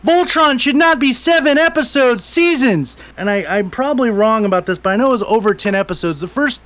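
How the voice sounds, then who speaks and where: A man co-hosting a casual podcast, ranting with lots of swearing, swinging from grumbling to shouting. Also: very high-pitched, lively intonation, fairly quick. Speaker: podcast co-host. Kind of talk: casual chat. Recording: dull lo-fi podcast audio.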